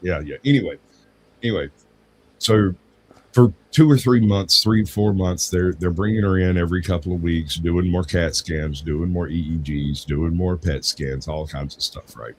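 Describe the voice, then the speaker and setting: Brief: very low male voice, casual storyteller, faint room hiss. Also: normal speed, rough recording. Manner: rambling anecdotes with acted quotes. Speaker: podcast co-host.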